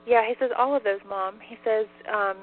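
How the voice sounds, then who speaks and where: Over a tinny phone line with a faint hiss, a woman working as a medium relays answers in casual, chatty talk packed with fillers and "like." Her voice is on the high side and she speaks at a normal speed.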